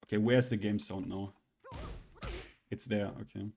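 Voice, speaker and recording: A man's voice: fairly low pitch, steady tone, a little slow, vocal fry, a little mellow, a little hiss or hum. A man streaming live, ranting casually and profanely in an exasperated, rambling way, often restarting his sentences.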